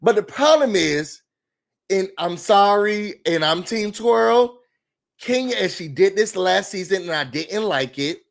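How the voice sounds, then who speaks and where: A man with a notably high-pitched voice rants through a reality TV recap in a casual, sassy, animated way. He swears freely as he talks. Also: a little slow, gravelly. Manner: animated, sassy, cursing, acts out quotes.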